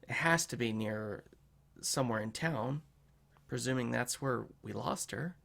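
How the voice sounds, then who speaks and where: Gravelly-voiced man player. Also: mid-range voice, fairly bright tone. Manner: reasoning aloud, halting starts. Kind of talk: casual tabletop role-play.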